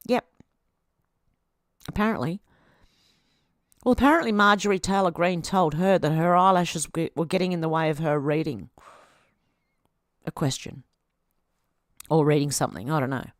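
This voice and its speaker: Australian woman, lowish voice, casual live-stream chat, reads comments aloud, dry close-miked sound. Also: no echo. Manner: chatty, reads out comments then reacts. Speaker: video host reading viewer comments.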